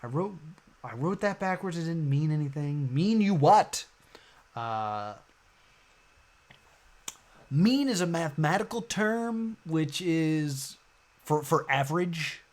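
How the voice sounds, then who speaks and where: A man streaming a puzzle game, thinking out loud slowly, with sudden excited outbursts. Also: fairly high pitch. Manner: slow, musing, bursts into excited outbursts. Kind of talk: thinking out loud while gaming.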